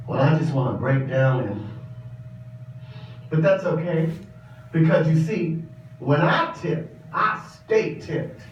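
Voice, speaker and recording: In a big, echoing exhibition space, a man with a high-pitched voice performs a monologue as a theatrical, campy older drag queen who is sassy and flamboyant and keeps calling the listener darling. The exhibit recording sounds roomy, distant and dull, with slight background noise.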